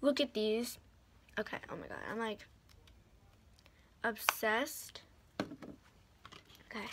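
Bubbly, bright-voiced young woman vlogger. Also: fairly high pitch, slow, slight background noise. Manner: bubbly, gushing, says "like" and "literally" a lot. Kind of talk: excited unboxing vlog.

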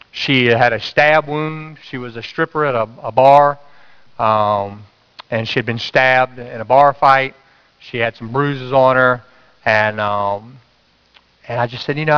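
A man preaching a sermon, calling out to the congregation and dropping to a hush for quoted words. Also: medium pitch, clear, resonant tone, long reverb tail, dull audio. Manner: call-and-response preaching, swings from loud to hushed. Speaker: pastor.

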